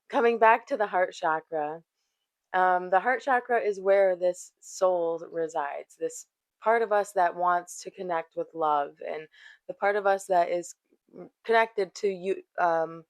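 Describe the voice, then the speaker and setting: Yoga host woman, lower voice, dry close sound, relaxed rambling talk with some swearing. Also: no echo. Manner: loose and chatty, swears and laughs easily. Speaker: yoga teacher and podcast host. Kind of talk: casual spiritual talk.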